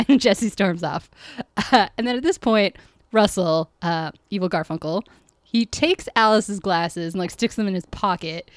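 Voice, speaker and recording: A woman talks casually on a podcast, summing up an episode and breaking into laughs often. Her voice sits at an ordinary pitch and sounds dry, with little room around it. She plays out little quotes as she goes. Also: normal speed, no echo. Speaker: podcast co-host. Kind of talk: casual chat recapping an episode.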